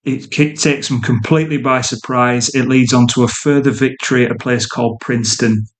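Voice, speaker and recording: A man's voice: medium pitch, brisk. A man, hosting a podcast and telling history in a casual, colloquial way. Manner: chatty, colloquial, animated retelling. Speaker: podcast host.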